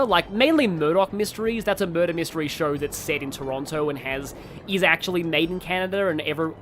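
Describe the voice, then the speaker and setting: Let's play streamer, casual rambling commentary, lots of fillers, reads chat, lively pitch, faint game music. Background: game audio.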